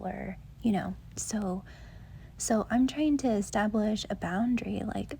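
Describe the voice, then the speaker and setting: A young woman giving dating advice in a soft, gentle whisper, rambling with frequent fillers as she talks. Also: medium pitch, measured pace, creaky, slight background noise.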